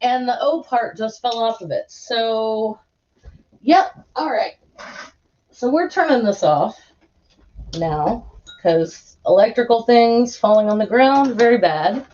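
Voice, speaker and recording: A woman's voice: fairly high pitch, animated, slow pace, darkish tone, muffled recording. A woman hosting a live stream, chatting casually in a giggly, rambling way with lots of restarts.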